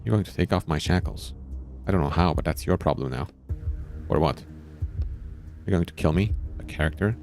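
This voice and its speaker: A smug, scheming crime boss taunts in a deep, gravelly voice, as a man reads him aloud. He talks in a mocking, evasive way. Faint music plays underneath. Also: normal speed, long pauses, darkish tone. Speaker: villain in a narrative game.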